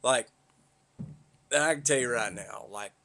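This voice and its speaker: A man's voice: mid-range voice, unhurried, a bit bright. A man from north Florida with a Southern accent, hosting a podcast in a rambling, profane, blunt monologue. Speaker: podcast host. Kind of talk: casual monologue.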